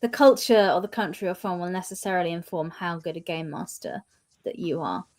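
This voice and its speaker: A woman's voice: lowish voice, brisk, a little mellow. A woman from Wales on a casual panel chat, playful and emphatic. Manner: playful, emphatic, mock-indignant. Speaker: panel co-host.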